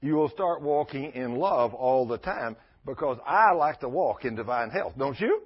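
A man with a husky, slightly breathy voice preaching in a folksy, storytelling way, jumping into lively voices for the people in his tales. The recording is dull and lo-fi, like an old church tape. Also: mid-range voice, normal speed. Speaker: pastor. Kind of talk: sermon.

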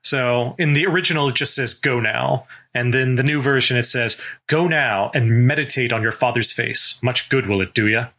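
A man co-hosting a casual book discussion, reading passages aloud and explaining them in a thoughtful, measured way. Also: medium pitch, sharp tone. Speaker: podcast co-host.

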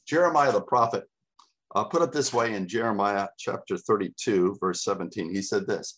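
A man preaching a sermon as a pastor, emphatic, with dramatic pauses and repetition. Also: fairly low pitch, fairly bright tone.

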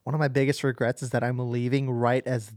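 A man co-hosting a podcast, telling stories in a relaxed, wry way. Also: medium pitch, brisk. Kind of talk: casual chat.

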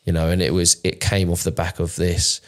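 A man's voice: low voice, completely flat delivery, brisk. A man, telling his own story in a candid, emotional podcast chat, swearing often and restarting his sentences. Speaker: podcast co-host.

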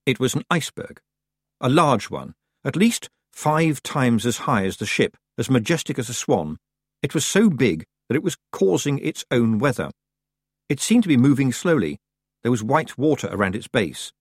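In studio-quality sound with no room noise, a medium-pitched male narrator delivers a scripted audiobook. His storytelling is measured yet expressive.

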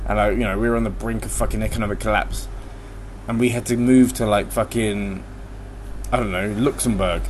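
A man's voice: medium pitch, a little hiss or hum. Profane, rambling man ranting. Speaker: podcast host. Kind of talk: solo podcast rant. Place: room at home.

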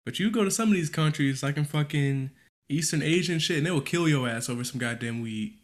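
A man with a slightly raised voice jokes through a casual podcast conversation. He laughs often, swears freely, and breaks into quick bursts when excited. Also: fairly high pitch. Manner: joking, laughs often, profane, bursts of fast talk. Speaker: podcast co-host.

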